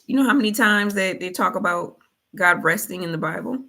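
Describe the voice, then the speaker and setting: A woman's voice: mid-range voice, brisk, pushed and bright. A woman hosting a motivational faith talk, colloquial, preachy and repetitive. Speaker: host.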